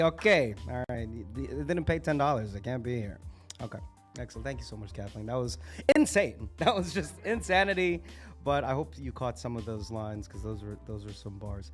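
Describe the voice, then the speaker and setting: A man's voice: medium pitch, sing-song, brisk, soft background music. A man hosting a live open mic night, casual and hyped, swearing freely between acts. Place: live cafe event.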